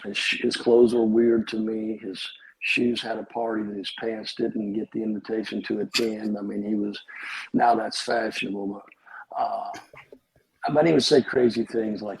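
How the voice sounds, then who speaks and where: A man's voice: lowish voice, flat delivery, moderate pace, creaky, slightly rough, rough recording. A middle-aged pastor, telling his life story as a podcast guest with humorous, wry asides.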